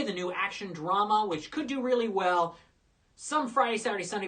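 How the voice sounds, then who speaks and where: A woman with a notably low voice hosts a live movie roundup. She delivers quick, opinionated verdicts in a casual tone, often stopping to restart with an uh. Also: a bit bright. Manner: opinionated, frequent uhs and restarts. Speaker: film critic hosting a live show.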